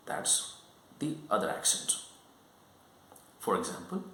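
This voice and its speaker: A man teaches an online English lesson at a mid pitch, explaining patiently and checking in with his viewers as he goes. His voice carries a roomy echo, and he talks in a plain, instructive way. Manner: explanatory, keeps checking in with "right?" and "okay?".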